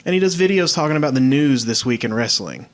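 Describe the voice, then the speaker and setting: A man's voice: medium pitch, animated, fast. A married man co-hosting a podcast, telling rambling, amused stories in casual chat. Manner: rambling, amused, quotes others in put-on voices. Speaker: podcast co-host.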